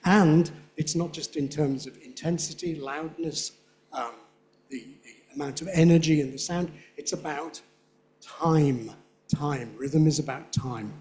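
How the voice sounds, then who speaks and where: Man, slightly high voice, conference lecture, chatty, spells out examples slowly. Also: steady tone, a little mellow, a little hiss or hum. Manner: chatty, checks in with "yeah?", repeats examples slowly. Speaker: guest lecturer on English phonetics. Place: lecture hall with an audience.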